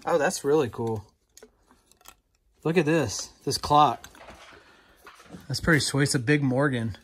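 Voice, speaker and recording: A man chatting casually as he digs through boxes of finds, rambling and easily excited, recorded on a phone. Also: mid-range voice, measured pace. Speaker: vlogger digging through resale finds. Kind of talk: casual running commentary. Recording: phone recording with loud clicking and handling noise.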